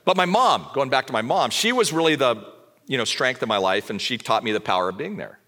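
A Southern California man in his sixties preaches a sermon packed with personal anecdotes, acting out the dialogue as a lively storyteller. His voice sits in the mid-range and moves a little fast.

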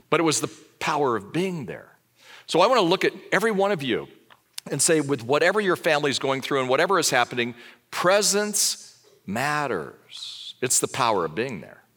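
A man in his sixties from Southern California, preaching a sermon full of personal stories and acted-out dialogue. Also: medium pitch. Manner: lively storyteller, acts out dialogue.

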